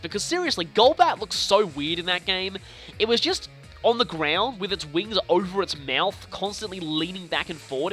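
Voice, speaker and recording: A young man casually commenting on his video game play, chatty and playful with animated reactions. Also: a little high. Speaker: let's play host. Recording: faint game music behind.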